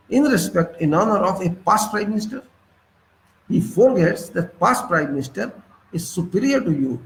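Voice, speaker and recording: Indignant Indian man, high voice. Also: gravelly, poor audio. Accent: Indian English. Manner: indignant, repetitive rhetorical questions. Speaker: political commentator. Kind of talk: impassioned monologue.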